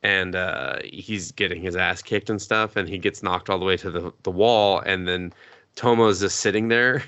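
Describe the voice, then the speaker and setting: A man's voice: low voice, fairly even intonation, normal speed, bright, forceful tone, dry recording. A man co-hosting a podcast, casually recapping a show in a rambling way, swearing freely and acting out the characters' lines. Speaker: podcast co-host. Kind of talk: casual anime recap chat.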